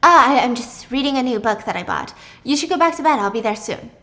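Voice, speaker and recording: A woman's voice: high-pitched, expressive, fast talker, bright, forceful tone, full character voice. A woman voicing a nervous young wife who makes an excuse in a retold story. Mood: flustered.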